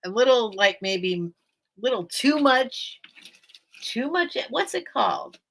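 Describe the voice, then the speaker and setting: Woman host of a home sales live stream, unhurried, bright and forceful tone, rambly and chatty. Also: on the high side, big pitch swings, creaky. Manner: chatty, rambling, thanks viewers often. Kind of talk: casual live-stream chat.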